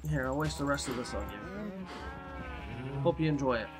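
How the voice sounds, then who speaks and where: A man in casual game commentary, rambling and easygoing, who slips into a higher sing-song voice to coax animals. His pitch sits mid-range for a man, and he chews a cough drop while talking. A steady hiss of background noise runs under the recording. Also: brisk. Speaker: gameplay commentator.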